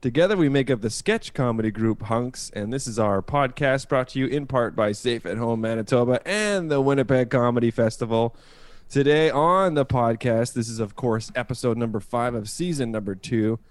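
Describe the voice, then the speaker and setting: A man's voice: mid-range voice, clean tone, no room sound. A man hosting a comedy podcast, teasing and playful. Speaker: podcast host. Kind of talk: casual podcast chat.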